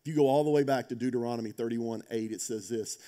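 A man preaching a sermon in a warm, mellow voice. He tells stories conversationally, checks in with his listeners, and swings from loud emphatic peaks down to hushed, intense passages. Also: medium pitch, fast. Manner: conversational, asks "right?". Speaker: pastor.

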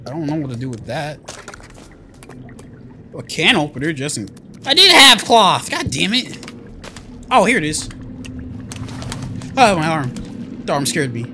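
A man commenting on his own horror game play, jumpy and foul-mouthed, talking to himself and shouting when scared. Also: fairly high pitch, sing-song, a little slow, pauses often, a little hiss or hum. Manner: jumpy, profane, talks to himself. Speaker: gamer.

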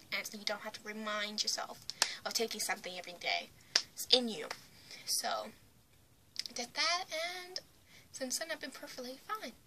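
A woman's voice: a little high, background noise. A young woman vlogger casually telling a personal story to the camera, blunt, often dropping to a whisper. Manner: blunt, retelling with swings in loudness.

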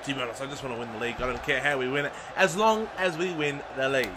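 A young man giving excited, chatty commentary over his own football video game match, shouting at the big moments. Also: medium pitch, racing. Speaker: gaming YouTuber. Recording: audible background noise.

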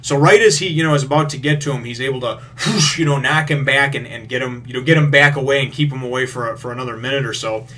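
A man's voice: medium pitch, fast talker, hardly any pauses. Rambling man recapping a comic chapter. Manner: rambling, filler-heavy, swears freely; gets excited retelling action. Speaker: manga review host.

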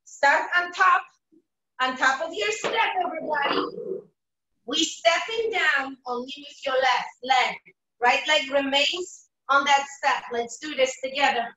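A high-pitched woman with a bright, forceful voice coaches a workout over a video call, energetically counting reps and giving form cues. She sounds set back from the mic in an echoey room. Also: unhurried, distant mic. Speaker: fitness instructor. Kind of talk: live online workout coaching. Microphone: video call, away from the mic.

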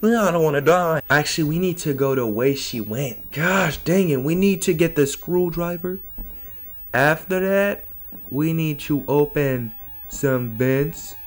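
A man's voice: fairly high pitch, measured pace. A young man commentating a horror game, nervous and joking, often laughing and talking to the game and his viewers. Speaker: gaming YouTuber. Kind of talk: horror let's play commentary.

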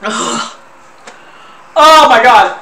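A woman streamer with a bright, ringing voice that swoops up and down a lot. She talks slowly to her chat, sniffly and pained, with exclamations and laughs. The sound is roomy and a little distant from the mic. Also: on the high side, animated, slight background noise. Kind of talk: casual live-stream chat. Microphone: desk mic, sometimes clipping.

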